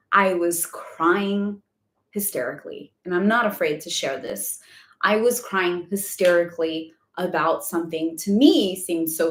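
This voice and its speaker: A woman's voice: medium pitch, a bit bright. Woman, spiritual live Q&A host, casual rambling talk, filler-heavy, echoey room.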